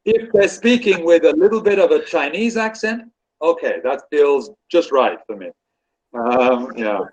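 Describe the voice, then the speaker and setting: A British man tutoring English on a video call, talking in a relaxed way and repeating phrases while he thinks. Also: on the high side, measured pace, highs cut off. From Britain. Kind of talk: casual conversation on a video call.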